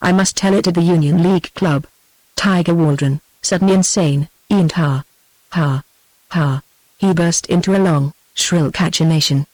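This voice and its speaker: A text-to-speech woman's voice with a British English accent, narrating an audiobook in an even, steady way. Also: lowish voice, dry recording, low-quality recording. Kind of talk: scripted narration.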